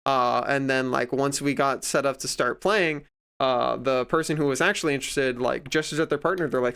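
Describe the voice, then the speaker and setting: A man's voice: medium pitch, fairly even intonation, normal speed, creaky, fairly bright tone, clean tone. A man streaming casual chat, rambling in a profane way and acting out other people in quoted voices.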